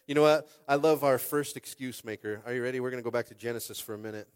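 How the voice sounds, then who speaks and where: A pastor in his thirties preaching a lively sermon, acting out quotes and calling out to the congregation. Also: medium pitch, quick pace, smooth. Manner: animated, acts out quotes, keeps calling on the crowd.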